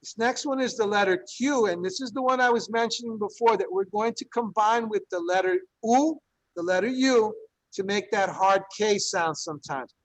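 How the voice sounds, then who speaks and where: Man, high voice, teaching spanish, encouraging, repeats sounds for drills, dry recording. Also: moderate pace, dry recording, low-quality recording. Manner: encouraging, drills pronunciation by repetition. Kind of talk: classroom language lesson.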